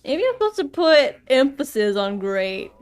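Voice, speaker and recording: A woman player, slightly high-voiced, chats loosely through a tabletop game. She giggles often and reads passages aloud from the rulebook. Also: sing-song, moderate pace, clean tone. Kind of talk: casual tabletop game chat.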